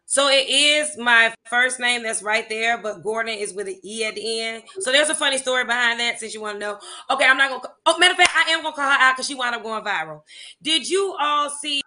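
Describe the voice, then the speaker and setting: A woman, a music teacher and songwriter, chatting in an interview and telling animated stories with laughter. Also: fairly high pitch, fairly quick. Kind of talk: casual interview chat.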